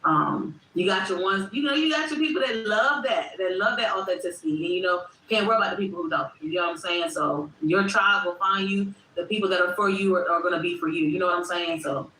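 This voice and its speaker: Speaking a little fast with few pauses, a woman hosting a casual livestream addresses her chat directly in a lowish, sharp-toned voice. She is repetitive and reflective, and the echoey room carries faint background noise.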